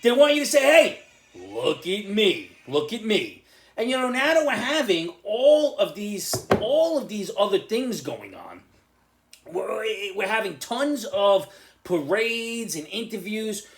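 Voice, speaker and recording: An older speaker with an Irish accent giving an angry, exasperated opinion monologue, sometimes breaking into shouts. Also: medium pitch, big pitch swings, a little slow. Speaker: commentator.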